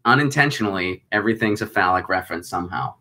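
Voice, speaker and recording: A man's voice: low voice, expressive, quick pace, bright, forceful tone. A man co-hosting a live online show, chatting casually and gushing enthusiastically with jokes. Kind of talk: casual comedic chat.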